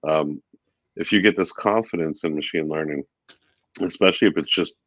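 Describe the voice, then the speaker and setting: A man talking as a guest in a casual interview, relaxed and chatty with many fillers. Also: extremely low pitch, normal speed, dry recording, dull audio. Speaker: guest, VP of sales.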